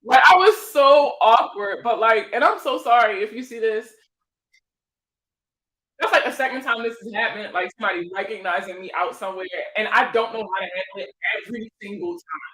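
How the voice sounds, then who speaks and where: Woman livestream host, animated slangy storyteller, sharp bright tone, echoey room. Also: on the high side, a little fast. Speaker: financial educator hosting a livestream. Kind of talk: casual livestream chat.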